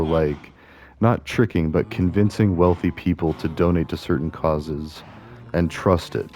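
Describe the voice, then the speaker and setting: A man with a low voice talks over a video game he is playing. His tone is dark and mellow. He rambles loosely from idea to idea, thinking aloud with plenty of fillers and restarts. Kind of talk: casual rambling commentary over gameplay.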